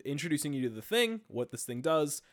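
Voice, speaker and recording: A man with a fairly high voice talks in a quick, tumbling rush, retelling things excitedly. He piles on fillers and restarts as he goes, in a loose, casual podcast chat. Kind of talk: casual chat about video games.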